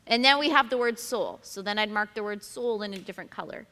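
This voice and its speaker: A woman's voice: mid-range voice, fast, few pauses, pushed and bright, in a large hall. A woman leading a group Bible study, explaining each step and reading scripture aloud. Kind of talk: teaching a group study session.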